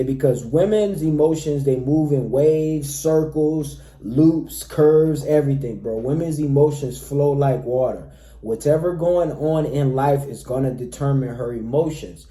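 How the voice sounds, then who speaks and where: Male dating coach, very mellow voice, emphatic, roomy reverb. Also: medium pitch. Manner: emphatic, repeatedly says "all right, fellas". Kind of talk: direct-to-camera advice talk.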